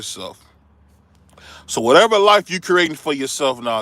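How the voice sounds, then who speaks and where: A man's voice: mid-range voice, big pitch swings, a little slow, long pauses, pushed and bright, no room sound. A middle-aged man, hosting a heated, preachy opinion rant that turns confrontational. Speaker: commentary show host.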